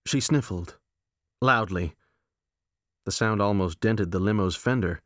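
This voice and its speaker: A man narrating a novel in a measured, deadpan, wry way. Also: on the low side, dry recording, studio quality. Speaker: audiobook narrator. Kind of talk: scripted narration.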